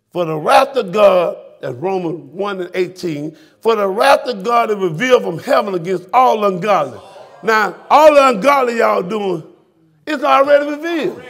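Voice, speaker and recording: A man preaching a fiery sermon in a church, shouting and calling out to his congregation. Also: high voice, lively intonation, normal speed, creaky. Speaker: pastor. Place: church sanctuary.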